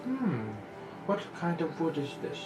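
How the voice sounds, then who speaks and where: A man's voice: fairly high pitch, sing-song. A man, as game master, voicing a fussy male craftsman shopkeeper who halts and muses with fillers. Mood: curious. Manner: drawn-out musing, halting with fillers. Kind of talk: voicing characters in a tabletop game. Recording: echoey room with music behind.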